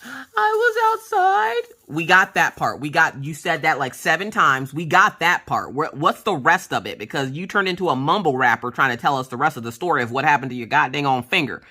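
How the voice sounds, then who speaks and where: A woman vlogger chatting casually while crafting, telling stories from home in an animated, blunt way and acting out what people said. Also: sits low, fairly quick, hardly any pauses. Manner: animated, acts out quoted voices. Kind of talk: casual storytelling chat.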